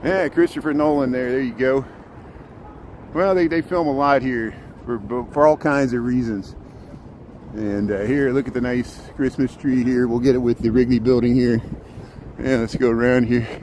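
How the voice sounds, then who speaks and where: A man's voice: medium pitch, steady tone, normal speed. A man narrating a live stream as he walks city streets, chatting and greeting viewers by name, recorded on a handheld phone. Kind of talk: casual live-stream narration while walking. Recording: loud street traffic noise.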